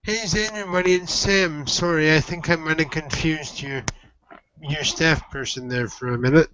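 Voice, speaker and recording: A man's voice: a little high, fairly even intonation, normal speed, a crowd in the background, lightly acted. A man voicing a flustered, sweet-natured young man who stammers and apologizes, on a dull lo-fi voice chat recording. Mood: earnest.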